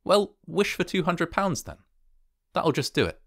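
A man reading the part of a cheeky young man who teases his parents in a mock-excited way. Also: a little high, measured pace, pitched above the performer's own voice, exaggerated voice. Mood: teasing. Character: joking young man, cheeky grown son.

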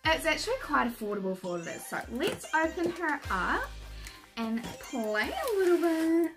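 A woman with a high, bouncy voice that swoops all over as she gushes through a casual unboxing vlog. She is excitable and giggles often, but her words come unhurried. Music plays steadily underneath her. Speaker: beauty vlogger.

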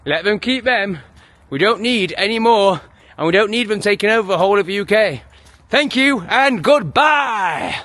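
High-pitched sweary English man ranting. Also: brisk, fairly bright tone, dry recording. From England. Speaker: vlogger. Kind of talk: profane opinion rant.

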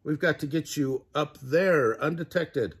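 An older man voicing an excitable male rooster in a storybook, with a husky voice. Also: fairly high pitch, unhurried. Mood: eager.

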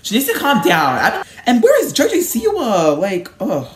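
A woman hosting a casual reaction video, talking in an animated way and laughing often. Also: fairly high pitch, normal speed, soft background music.

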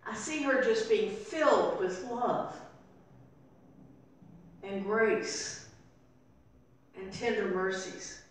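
An older woman preaching a sermon as pastor, telling the story and voicing its people softly. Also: on the high side, slow, long pauses. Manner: storytelling, acting out voices softly in quotes. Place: church sanctuary. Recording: very echoey room, voice from far off.

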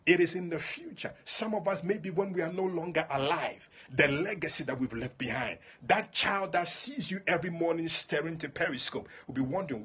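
A man's voice: fairly high pitch, brisk, hardly any pauses, a bit bright, husky. A man preaching at a livestreamed prayer meeting, fervent, calling on listeners by name and repeating his points. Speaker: prophet and prayer leader.

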